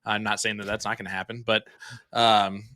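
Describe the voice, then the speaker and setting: A young man doing casual, excitable live darts commentary from a small streaming room, chatty with lots of fillers. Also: lowish voice, moderate pace, no room sound, clean studio sound.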